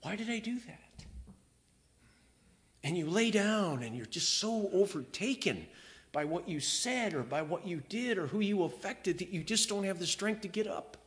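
A male pastor preaching a sermon, reading scripture with feeling and swinging between loud emphatic lines and quiet, hushed confessions. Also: high voice, expressive, moderate pace. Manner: reads scripture aloud with feeling.

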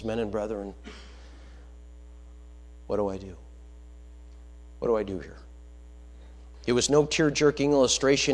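A man preaching a sermon, emphatic, swinging between loud declarations and quiet low asides.

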